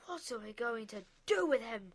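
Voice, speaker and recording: A loud, blustering middle-aged banker barks and rants about discipline, as a woman reading a storybook puts him on. His voice sits fairly high and booms with bluster. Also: brisk, heavy background noise, close to an everyday voice. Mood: snarling. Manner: loud, ranting, snapping. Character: blustering pompous middle-aged male banker, bad-tempered.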